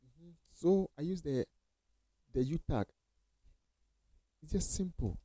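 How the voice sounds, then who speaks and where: A man's voice: fairly high pitch, lively intonation, slow pace, warm tone, no room sound, rough recording. A man teaching coding basics in a casual screen-share tutorial, repeating phrases and reassuring viewers with many okays.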